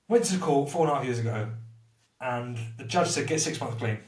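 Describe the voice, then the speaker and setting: A man speaks quickly and bluntly as a guest in a candid conversation about recovery. His talk is rambling and emotional, with heavy swearing. The recording is echoey and he sits a little away from the mic. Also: mid-range voice, expressive, a little mellow, recorded from a distance. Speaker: interview guest.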